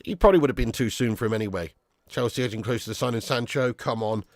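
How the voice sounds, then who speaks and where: A man's voice: medium pitch, quick pace, no echo, studio quality. A young man hosting a football fan live stream, reading viewer comments in casual banter. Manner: casual, banter, laughs often, calls viewers lad and mate. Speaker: football fan channel host.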